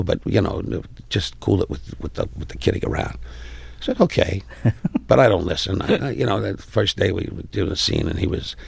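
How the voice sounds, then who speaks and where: An older man in his eighties with a New York accent, a comedian telling brash stories in an interview and getting loud at the punchlines. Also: on the low side, fairly quick, no room sound. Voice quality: gravelly. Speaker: comedian guest. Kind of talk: interview anecdotes.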